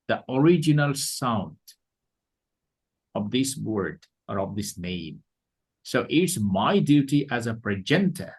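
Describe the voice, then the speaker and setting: A man lecturing a class on presenting, speaking very slowly and deliberately. His voice is a little husky, and he hammers points home by saying them again in new words. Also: mid-range voice. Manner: deliberate, repeats points for emphasis.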